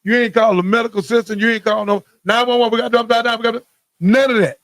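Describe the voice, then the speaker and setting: A man's voice: extremely high pitch, fairly even intonation, fast talker, fairly bright tone, dry recording, clean studio sound. A man, a podcast guest, talking bluntly and indignantly in casual chat, often repeating himself. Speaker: guest telling of his police beating.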